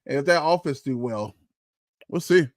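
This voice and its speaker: A man hosting a casual sports watch-along livestream, talking in a laid-back, halting way with many fillers. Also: fairly high pitch, animated, no room sound, clean studio sound. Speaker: livestream host.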